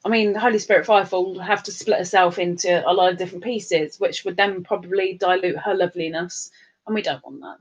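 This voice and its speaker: A woman's voice: lowish voice, steady tone, fast talker, slightly rough, highs cut off. A tired woman hosting a casual live stream, chatting bubbly and greeting viewers by name with big upward swoops.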